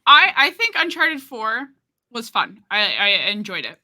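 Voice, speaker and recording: A woman with a very bright, sharp voice and a slightly high pitch that swings widely as she talks. She gives her opinions as a podcast guest in a playful, expressive way. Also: unhurried. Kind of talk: casual podcast chat.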